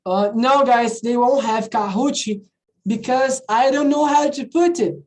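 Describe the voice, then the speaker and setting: Woman, online teacher, chatty, keeps checking in, slightly high voice. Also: a little slow, darkish tone, rough recording. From not from the country where she teaches. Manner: chatty, repeats "all right, guys?" and switches into Portuguese. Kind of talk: casual online class teaching.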